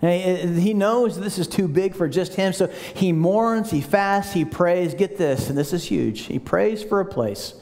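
A man's voice: sits high, unhurried, hardly any pauses, darkish tone. A male pastor preaching a conversational, storytelling sermon and acting out the lines he quotes. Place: large church sanctuary. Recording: long church hall reverb.

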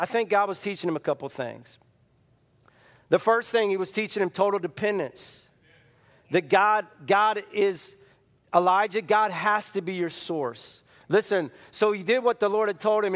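A middle-aged man preaching as a pastor, his voice high for a man and lively with repeated phrases and restarts. He tells stories as he goes, and a long reverb rings through the large church around him. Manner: animated, repetitive storytelling with restarts. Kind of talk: sermon.

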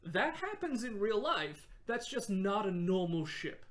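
A woman's voice: mid-range voice, big pitch swings, unhurried. Laughing, enthusiastic young woman explaining history. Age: young adult. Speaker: podcast co-host explaining history. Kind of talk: casual chat.

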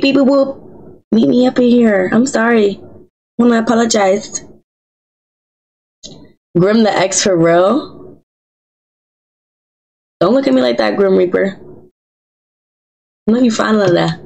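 A woman's voice: mid-range voice, darkish tone, rough recording. A woman streaming a life simulation game, chatting in a playful, teasing way and talking back to the characters in slang. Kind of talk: playful live gameplay commentary.

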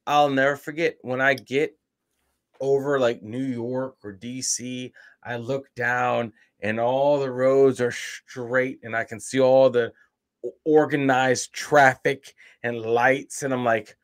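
An American man hosting a reaction video, chatting enthusiastically in a rambling, drawn-out way. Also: mid-range voice, steady tone. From United States. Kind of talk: casual chat.

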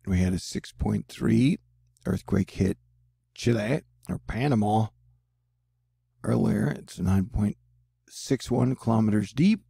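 Gravelly, husky male news commentator. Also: lowish voice, slow pace, pauses often, dark tone, no echo, clean studio sound. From United States. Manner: rambling, self-deprecating, jokey asides. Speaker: news channel host.

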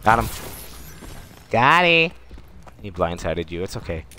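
A man streaming a shooter game in casual, excitable commentary, joking, swearing and laughing often. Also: on the low side, a little slow, slight background noise. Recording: loud game gunfire behind voice.

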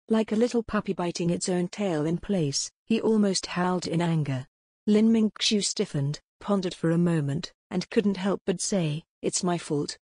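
A woman narrating an audiobook in an even storybook reading. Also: fairly low pitch, breathy edge, no room sound, clean studio sound. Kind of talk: scripted narration.

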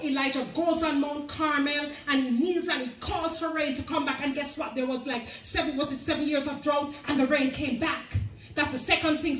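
A woman preaching a sermon, telling a story and acting out its people in their own voices. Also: high voice. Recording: echoey church hall, mic at a distance.

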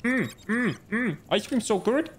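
A man's voice: high voice, big pitch swings, a little slow, slight background noise, voice pushed up. A man putting on a goofy, nasal Kermit-like frog. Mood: gleeful. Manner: gleeful, silly, playfully over the top. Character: cheerful male frog puppet, gleeful and goofy.

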